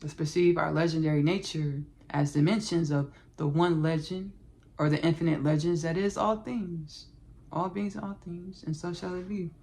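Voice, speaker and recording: A woman hosting a spiritual podcast, channeling and recounting spirit messages in an effusive, repetitive way with soft murmured thanks. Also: low-pitched, steady tone, moderate pace.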